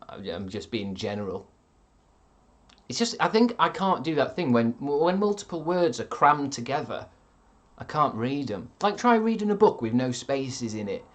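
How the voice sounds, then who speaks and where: Deadpan man streamer. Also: mid-range voice. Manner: deadpan, sardonic, swearing often. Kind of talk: casual chat reading viewer comments.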